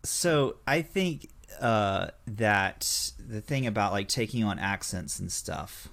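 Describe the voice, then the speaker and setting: A man co-hosting a casual chat, telling stories in a relaxed way and laughing as he talks. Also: lowish voice, slow, vocal fry. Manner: laid-back storyteller, laughs while talking. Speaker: podcast co-host.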